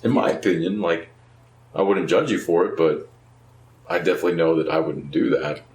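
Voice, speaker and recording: A man's voice: sits low, fairly quick, a little mellow. A man in casual conversation, blunt and laid-back, who swears casually. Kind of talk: casual chat. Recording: echoey room, far from mic.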